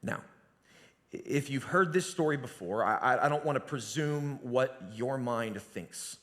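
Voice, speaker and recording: A man's voice: medium pitch, expressive, a little slow. Man preaching in an echoing church hall. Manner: conversational storytelling with sudden drops to a hushed voice. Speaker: pastor. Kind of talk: sermon. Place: church sanctuary. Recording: long reverb of a church hall.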